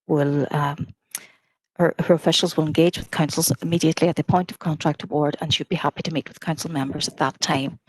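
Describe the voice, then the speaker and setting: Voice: medium pitch, no echo, poor audio. A council officer formally summarising correspondence at a meeting. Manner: measured, formal, flat delivery.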